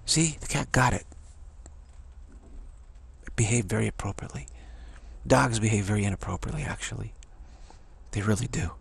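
Gravelly, husky-voiced man giving spiritual talk. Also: lowish voice, moderate pace, pauses often. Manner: emphatic, repeats himself, chuckles. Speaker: spiritual teacher. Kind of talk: rambling spiritual talk to camera.

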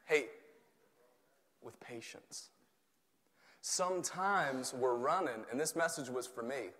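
A man from Tennessee with a Southern accent, preaching an animated, joking sermon in a church, swelling at times to near shouts. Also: mid-range voice, takes it slowly. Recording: long hall reverb.

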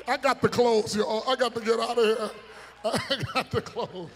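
High, bright-voiced preacher shouting in a hall. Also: male voice, steady tone. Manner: call-and-response preaching, shouting and teasing the congregation; drawn-out, emphatic phrasing with sudden shouts. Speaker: pastor. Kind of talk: sermon. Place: church sanctuary. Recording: long church hall reverb.

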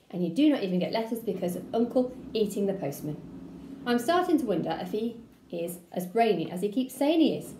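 A woman primary school teacher reading a children's book aloud to her class, with an expressive, playful delivery. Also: on the high side, echoey room, slight background noise.

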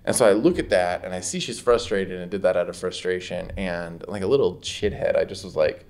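A man's voice: low voice, brisk, creaky, a little mellow. A man from San Diego co-hosting a podcast in a studio, telling self-deprecating stories with a laugh. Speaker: podcast co-host. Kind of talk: casual podcast storytelling. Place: recording studio.

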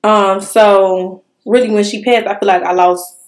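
A young woman hosting a casual podcast chat, telling an animated personal story in casual slang. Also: medium pitch, unhurried. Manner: animated storytelling, Southern Black-American vernacular slang. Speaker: podcast host.

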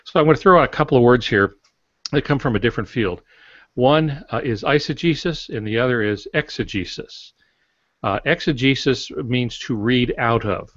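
A man's voice: lowish voice, dry recording. A man on a podcast explaining a writing idea at length in casual talk with fillers. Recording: dry, dull lo-fi podcast audio.

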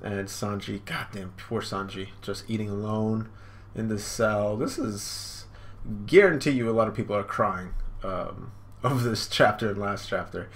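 A man's voice: fairly low pitch, a little slow. A man streaming a live manga reaction from home, casually describing panels with lots of fillers. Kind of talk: live reaction, reading aloud.

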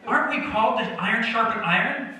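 A man's voice: extremely high pitch, lively intonation, fast, pushed and bright. A young man preaching a sermon in a joking, conversational way, drawing replies from the congregation. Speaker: pastor. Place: church sanctuary. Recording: echoey church hall from far off.

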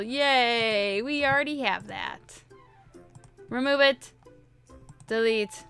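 A woman's voice: fairly high pitch, expressive, slow pace, long pauses, sharp tone, clean tone, faint music behind. A woman giving casual, playful let's-play commentary, chatting to her viewers and repeating herself often. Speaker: gaming video host.

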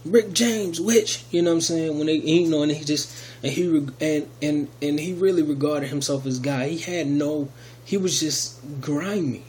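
A man's voice: on the high side, steady tone, moderate pace, a little mellow, slight background noise. Rambling man telling a testimony. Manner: rambling, many restarts and fillers. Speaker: video testimony speaker. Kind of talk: casual spoken testimony.

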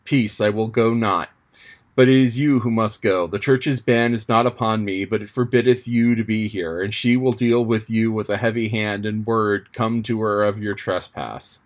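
A man's voice: on the low side, steady tone, moderate pace, natural voice. A man voicing a proud medieval king in an audiobook, speaking in formal, archaic and resolute words.

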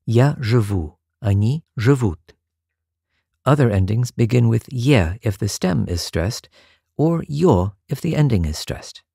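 A man narrates a scripted grammar lesson in a mellow, gravelly voice. His pitch moves in a lively way as he lays out each rule step by step. The recording is close and dry. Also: no echo. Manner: clear, measured explanation with careful Russian examples. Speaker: language teacher.

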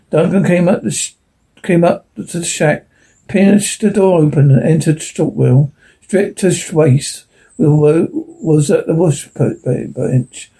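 Male audiobook narrator for a science fiction story; slightly high, husky voice, steady reading with occasional restarts. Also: slow.

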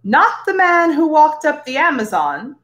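A woman voicing a rich, bored, easygoing gentleman with breezy upper-class politeness in a storybook reading. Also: high-pitched, big pitch swings, unhurried, pitched above the performer's own voice, full character voice. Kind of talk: read-aloud storytelling.

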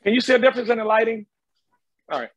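A man's voice: very high voice, expressive, rapid-fire, no echo, muffled recording. A middle-aged man, guest on an interview over a video call, telling stories emphatically and repeating phrases. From North Carolina, USA. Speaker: guest actor. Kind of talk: casual interview storytelling.

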